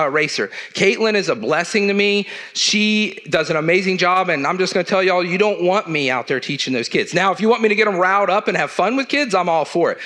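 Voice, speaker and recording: Male church leader, middle-aged, higher pitch, earnest conversational sermon. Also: fairly bright tone. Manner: earnest, conversational preaching with southern turns of phrase.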